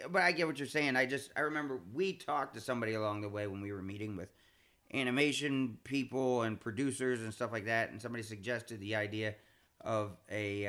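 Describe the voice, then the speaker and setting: A man, a comedian and show creator, chatting casually on a podcast, stumbling through restarts and repeated words, his pitch leaping up when he gets excited.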